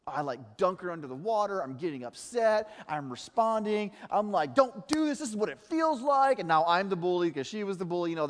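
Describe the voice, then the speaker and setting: A middle-aged man preaching a sermon as a pastor, telling stories in an animated way and mimicking other people's voices. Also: a little high. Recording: reverberant church hall.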